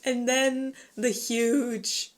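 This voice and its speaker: Animated woman co-hosting a book chat. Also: on the high side, very slow. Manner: animated, laughing, retells scenes in quoted voices. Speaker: book club co-host. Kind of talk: casual book discussion.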